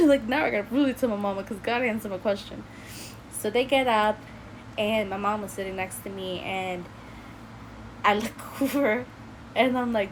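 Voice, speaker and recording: A young woman from New City, telling a personal story in casual chat from her bedroom, animated and laughing often as she acts out quotes. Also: fairly high pitch, normal speed, slight background noise, rough recording. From New York City.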